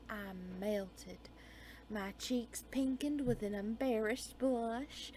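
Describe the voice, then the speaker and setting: A woman storyteller with a fairly high voice reads a dark romance tale at a very slow, unhurried pace. Her delivery is soft and dreamy, and she sometimes sinks into a whisper. A faint hiss of noise sits under her voice.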